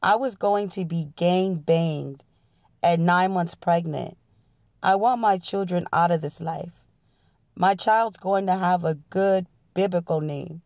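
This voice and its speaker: Woman reading a memoir, low and dry. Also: a little mellow, dry recording. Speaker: channel host reading a memoir aloud. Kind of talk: dramatic audiobook-style reading.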